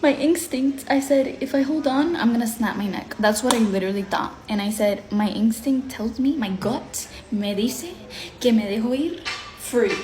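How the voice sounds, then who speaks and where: Brief: woman vlogger, slightly high voice, lively storytime delivery, acts out her own lines, flips between languages. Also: noisy background. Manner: mixes English and Spanish mid-sentence. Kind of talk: get-ready-with-me storytime vlog.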